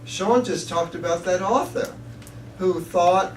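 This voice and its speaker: A man's voice: sits high, unhurried. A man giving an inspirational talk to an audience, telling chatty stories and laughing at his own jokes. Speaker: guest speaker. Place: church hall with audience. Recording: echoey hall, distant mic, faint hiss.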